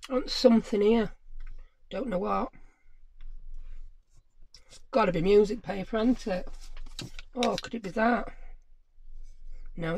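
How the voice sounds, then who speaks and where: A woman's voice: mid-range voice, a little mellow, a little hiss or hum. A woman hosting a craft channel, chatting casually and musing aloud to herself as she works.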